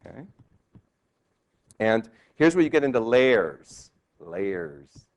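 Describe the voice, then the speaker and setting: A male law professor giving a classroom lecture, lively and quizzing his students with questions. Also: on the low side, slow. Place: law school lecture hall.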